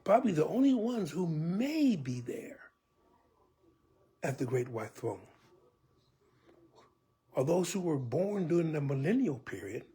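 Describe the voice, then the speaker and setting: A man preaching a sermon as a church elder, telling it vividly and dropping often to a hushed whisper with pleading asides. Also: fairly high pitch, husky.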